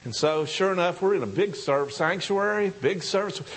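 A man preaching a sermon, telling a story with excited high bursts and hushed low asides. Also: a little fast, rough recording. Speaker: pastor.

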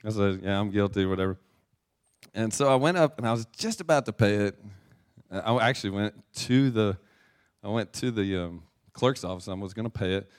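Low-voiced man preaching casually. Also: moderate pace. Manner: chatty, self-deprecating storyteller with restarts. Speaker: pastor. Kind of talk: casual sermon with personal story.

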